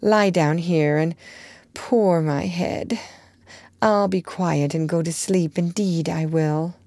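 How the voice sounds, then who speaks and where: A woman reading aloud, voicing a gentle, frail young girl who speaks softly and falls into hushed whispers. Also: fairly low pitch, fairly even intonation, slow, no echo, studio quality. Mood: tearful hushed. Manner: soft, hushed, breaking into whispers.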